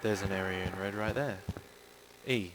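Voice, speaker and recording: A man's voice: sits low, moderate pace. A man giving casual commentary while he plays a horror game, chatty and swearing often. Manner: chatty, swears often, bursts into loud yelps when startled. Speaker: gaming channel host. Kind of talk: casual let's-play commentary. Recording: clear background noise.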